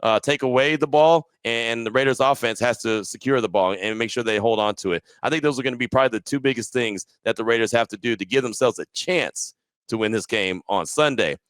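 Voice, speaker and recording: A man hosting a sports podcast, speaking in a measured way about football and putting questions to his guest. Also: mid-range voice, a bit bright, clean tone, no room sound. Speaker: podcast host. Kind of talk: casual sports analysis chat.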